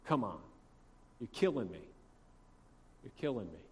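A preacher acting out a seething, bitter elder brother. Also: male voice, medium pitch, sing-song, unhurried, pitched below the performer's own voice. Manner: seething, indignant complaining. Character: bitter resentful elder brother, grown man.

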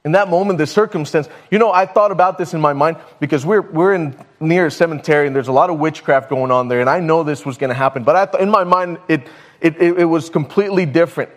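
A man's voice: on the high side, fast. Man preaching, stumbling through a story. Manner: storytelling, stumbles over words. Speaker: pastor. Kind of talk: sermon.

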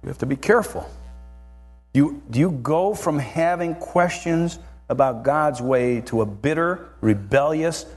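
A man preaching a sermon with a husky voice, talking in a lively, animated way and often checking in with his listeners by asking "right?". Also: fairly high pitch, unhurried, faint music behind.

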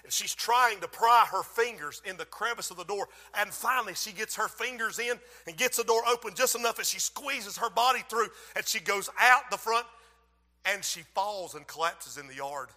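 A man preaching a fiery revival sermon, shouting and then dropping to a hush, in a church. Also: high voice, moderate pace. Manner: shouting, dramatic storytelling with sudden hushed drops. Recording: echoey church hall.

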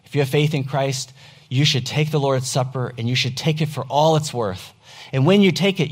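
A pastor preaching earnestly to his congregation during a church service, plain-spoken and emphatic. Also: mid-range voice. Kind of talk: sermon.

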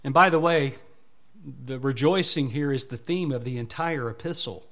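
A man's voice: mid-range voice, moderate pace, fairly bright tone. A male pastor preaching a sermon with emphatic rises and falls, asking the congregation repeated questions.

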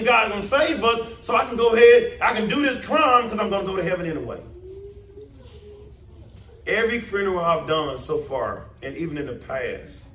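A man preaches in a high voice, rising into emphatic bursts and firing questions at his congregation. His sermon rings around an echoey church room, picked up from a little way off the mic. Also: a bit bright, a little hiss or hum. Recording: roomy echo, mic at a distance.

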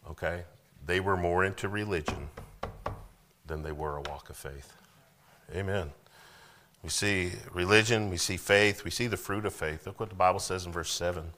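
Man, pastor, sermon, low voice, forceful, questions the congregation, emphatic bursts.

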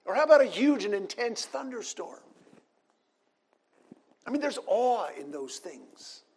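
Man, sermon, high voice, husky, earnest scripture reading. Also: big pitch swings, a little slow, darkish tone. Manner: earnest, reads scripture aloud. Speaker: preacher.

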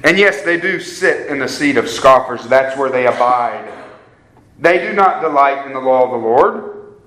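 A man's voice: medium pitch, lively intonation, moderate pace, fairly bright tone. Earnest man preaching in echoey room. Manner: earnest, addresses listeners as guys, repeats phrases. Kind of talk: sermon. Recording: echoey room with faint ambience.

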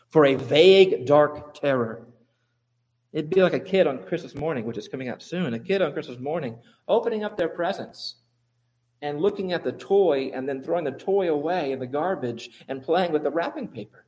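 High-voiced guy preaching a sermon, lots of questions, gets loud then quiet. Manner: animated, rhetorical questions, swings between quiet and emphatic. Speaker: pastor.

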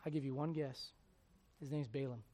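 A male preacher delivering a sermon as animated storytelling, asking the crowd rhetorical questions. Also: mid-range voice, normal speed.

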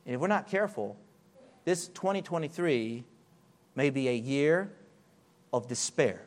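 A man preaching a sermon, slowing and stretching key words, dropping to near-whispers and then building to loud, emphatic peaks. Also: medium pitch, lively intonation. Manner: wide swings from hushed, drawn-out phrases to loud emphatic build-ups.

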